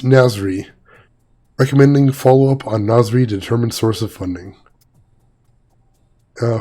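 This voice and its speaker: A man's voice: mid-range voice, warm tone. A man with a slightly weak voice hosting a let's-play, chatting, joking and reading game text aloud. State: voice a little weak. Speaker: gaming video host. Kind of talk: casual let's-play commentary.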